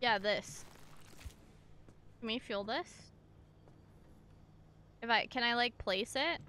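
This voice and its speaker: Bubbly high-voiced young woman streamer. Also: takes it slowly, slight background noise. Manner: bubbly, excitable, talks to chat. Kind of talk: gameplay commentary.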